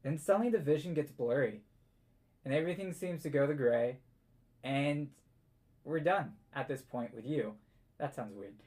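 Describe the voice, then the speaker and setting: A man running a tabletop game as game master, telling the story in a relaxed way and chuckling often. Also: fairly high pitch, moderate pace, long pauses.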